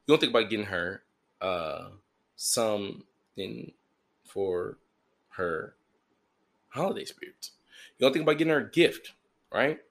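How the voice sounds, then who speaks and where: Male comic podcast host, low and gravelly, riffs crudely and repeats himself for laughs. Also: a bit bright. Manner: joking, repetitive, crude, playful asides. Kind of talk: crude comedic monologue.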